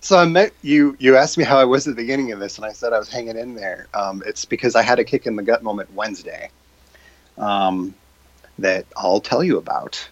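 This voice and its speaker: A man explains his ideas as an interview guest, stopping on fillers and slipping into little acted-out quotes. His voice sits at an ordinary pitch. The recording is dull and lo-fi, with a dry, close sound. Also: brisk, no echo. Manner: explanatory, acts out quoted reactions, many fillers. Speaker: guest, purpose coach. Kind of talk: conversational interview.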